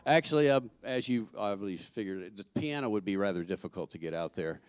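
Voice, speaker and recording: A man's voice: fairly low pitch, expressive. Joking man giving church announcements. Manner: chatty, joking, halting with fillers. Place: church sanctuary.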